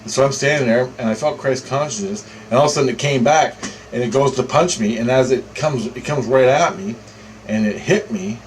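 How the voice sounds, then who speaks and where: Man, mid-pitched voice, loose rambling storyteller, swears a lot. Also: brisk, slight background noise, low-quality recording. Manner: rambling, repetitive, profane. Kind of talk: casual first-person storytelling.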